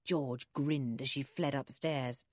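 A woman's voice: very deep voice, steady tone, slow, darkish tone, dry recording, studio quality. A woman narrating a children's storybook, reading expressively.

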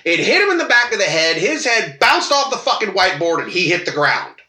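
A bright, sharp-toned man telling a story on a casual podcast, his pitch swinging widely as he acts out quoted voices. He swears freely, and the recording has a noticeable room echo. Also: very animated, brisk, a little hiss or hum. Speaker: podcast co-host.

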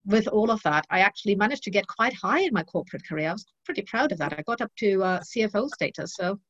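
A woman's voice: medium pitch, lively intonation, quick pace, a bit bright, dry recording. Middle-aged woman guest, candid, lots of ums, kinda dull dry audio. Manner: frank and thoughtful, with many ums. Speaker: guest, leadership trainer. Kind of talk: interview conversation.

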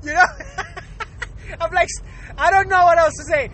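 A man from Puerto Rico rants in a casual, profane monologue, fast and loose, laughing between lines. His voice sits unusually high for a man. Faint traffic hums behind him. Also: crowd noise. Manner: fast-talking, swearing, laughing often.

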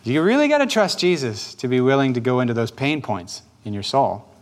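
A male pastor leads a guided prayer in a patient, gentle manner. His voice sits at an ordinary middle pitch, and he repeats his questions as he coaches his listeners. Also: big pitch swings, fairly quick.

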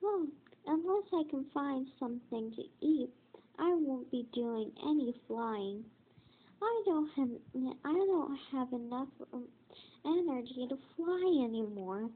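A woman plays a gentle, weary young dragon from a storybook. The voice sits high and moves slowly, with halting restarts. It sounds tinny, like a phone line. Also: animated, full character voice. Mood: sad.

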